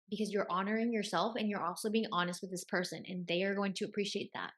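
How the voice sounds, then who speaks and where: A woman's voice: medium pitch, fairly even intonation, quick pace, hardly any pauses. A young woman hosting a self-help video, giving casual motivational advice and repeating key phrases for emphasis.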